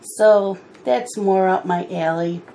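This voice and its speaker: While coloring, a middle-aged woman who hosts a coloring channel chats slowly and without hurry, making mildly exasperated asides and hiccuping now and then. Her voice is ordinary in pitch and dark in tone, with slight background noise.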